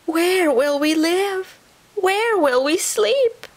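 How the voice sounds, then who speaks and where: A woman voicing a group of small young possums who cry out in high, plaintive voices in a children's storybook reading. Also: expressive, drawn-out words, exaggerated voice. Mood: dismayed. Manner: crying out, plaintive.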